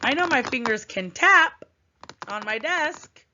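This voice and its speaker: A woman teaching a writing lesson to young children, thinking aloud with long hums in a gentle, encouraging way. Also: high-pitched, expressive, takes it slowly, noisy background. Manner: gentle, encouraging, sing-song classroom delivery. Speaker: first grade teacher. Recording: dull lo-fi recording.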